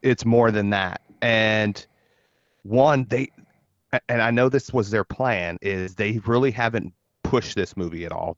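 A man's voice: lowish voice, no room sound, lo-fi sound. A man co-hosting a casual podcast, emphatic and opinionated, often stumbling and restarting his sentences. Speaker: podcast co-host.

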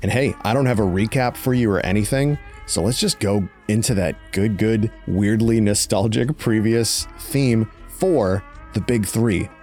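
A young man with a fairly low voice runs through podcast announcements and a list of patron names. He keeps it laid-back and a little sleepy, with dry jokes along the way. Faint music plays underneath. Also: measured pace. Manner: relaxed, self-described sleepy voice, jokey. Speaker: podcast host. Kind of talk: casual podcast chat and announcements.

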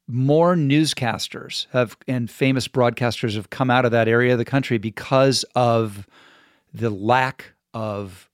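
Animated man telling a story. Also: mid-range voice, no room sound, clean studio sound. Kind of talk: casual chat.

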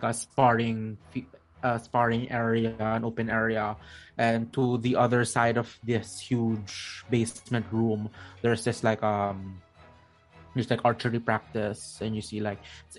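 Male game master, casual halting narration, mid-pitched, loose and rambling. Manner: rambling, halting, many fillers.

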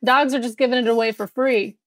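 Woman, podcast guest, comedy writer, wry and playful, slightly high voice. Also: steady tone, a little fast, fairly bright tone, no room sound, studio quality. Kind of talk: casual chat.

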